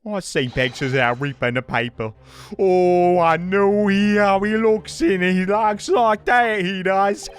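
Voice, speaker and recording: A man's voice: high voice, a little slow, a little hiss or hum, pitched above the performer's own voice. A man voicing a chatty, gossipy male street vendor witness in a folksy manner. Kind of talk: game voice-acting.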